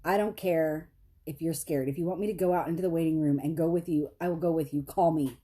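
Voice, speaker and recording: A woman's voice: quick pace, dark tone, husky. A woman, telling a story to her viewers in a chatty, self-deprecating way. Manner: chatty, self-deprecating, laughs often, quotes others in high voices. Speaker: vlogger.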